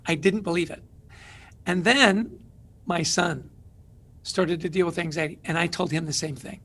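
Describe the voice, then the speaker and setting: A man's voice: a little high, moderate pace, long pauses, a bit bright, a little hiss or hum. A middle-aged man, an author and guest, telling stories energetically in an interview with emphatic rhetorical questions.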